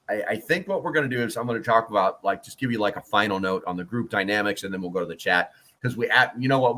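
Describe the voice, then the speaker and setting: Guy doing a casual livestream, kinda low voice, rambles a lot, tons of ums and uhs, cracks jokes at the chat. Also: fairly bright tone. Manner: rambling, with many fillers and restarts; jokey, reads out the chat. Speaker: prepper livestream host.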